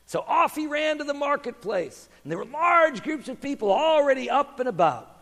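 Animated man telling a sermon story. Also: very high voice, moderate pace, gravelly. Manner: animated storyteller, hushed in prayer. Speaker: pastor. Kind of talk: children's sermon storytelling and prayer. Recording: long hall reverb.

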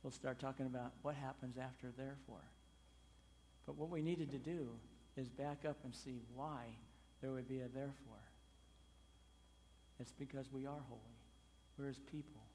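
A man preaching a sermon as pastor, emphatic, with loud stressed phrases and sudden quiet drops. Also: mid-range voice, fairly even intonation, moderate pace, pauses often, in a large hall, a little hiss or hum.

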